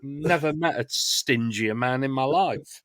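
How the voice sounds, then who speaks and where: A man's voice: medium pitch, unhurried, a bit bright, dry recording. A man co-hosting a podcast, bantering bluntly in casual chat. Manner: dry banter, blunt and jokey. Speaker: podcast co-host.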